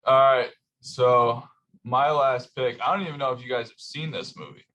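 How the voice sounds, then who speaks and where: Mid-pitched man chatting with chuckles. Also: fairly even intonation, fairly bright tone, a little hiss or hum. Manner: chuckling, halting storyteller. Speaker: podcast co-host. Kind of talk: casual chat.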